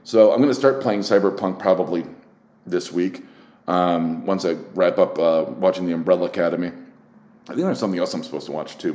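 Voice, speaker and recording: A man hosts a casual solo show, talking frankly and rambling through restarts with plenty of swearing. His voice sits a bit low. The room around him rings with echo. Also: brisk, a little mellow. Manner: candid, frustrated, getting worked up. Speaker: podcast host.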